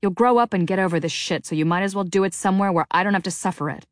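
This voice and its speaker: A woman's voice: medium pitch, rapid-fire, dry recording, natural voice. Woman reading stressed mother, clipped, tense, storybook, dry sound. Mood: choked. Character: strained, harsh mother, middle-aged, stressed.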